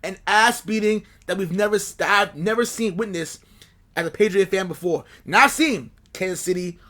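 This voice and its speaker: A man with a fairly high voice, chatting as a football fan on a podcast. He talks animatedly and with exasperation, circling back over the same points again and again. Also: moderate pace. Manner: animated, exasperated, repeats himself. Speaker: sports podcast co-host. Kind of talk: casual fan chat.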